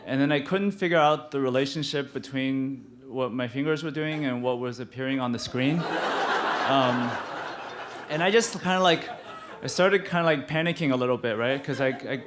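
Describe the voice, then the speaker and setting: A man telling a personal story live, halting and restarting often, with frequent laughter in his voice. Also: medium pitch, a bit bright.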